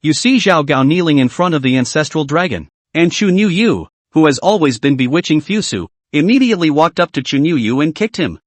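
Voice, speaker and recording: A man narrates a story recap in second person, brisk and dramatic. His voice sits a little high and moves lively in pitch. The recording is dry and close. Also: no echo.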